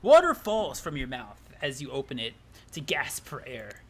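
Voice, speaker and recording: A man voicing a smug, well-spoken male narrator from a game, with drawn-out, theatrical delivery. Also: mid-range voice, huge pitch swings, husky, voice pushed down, heavily acted. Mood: ominous. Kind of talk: reading a game narrator aloud.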